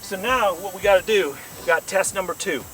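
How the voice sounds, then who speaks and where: A man hosting a casual outdoor vlog, with a joking, folksy, excitable way of talking. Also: high voice, a little fast, far from the mic, faint music behind. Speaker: RV vlog host. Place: outdoors by a vehicle.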